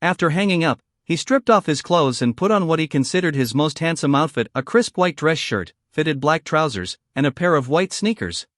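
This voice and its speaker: Lively male story narrator. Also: fairly high pitch, normal speed, few pauses, no echo, clean studio sound.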